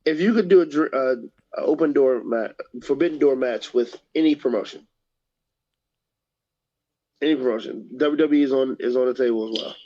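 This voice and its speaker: A man's voice: medium pitch, moderate pace, long pauses, dark tone, dull audio. A man co-hosting a wrestling podcast, easygoing and laughing often in casual chat. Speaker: podcast co-host.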